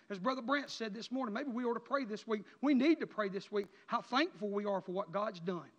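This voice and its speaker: Male preacher, high-pitched and impassioned, dull recording with long church reverb. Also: brisk, few pauses. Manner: impassioned, rising to near-shouts then dropping low. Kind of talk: emotional sermon testimony. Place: church sanctuary.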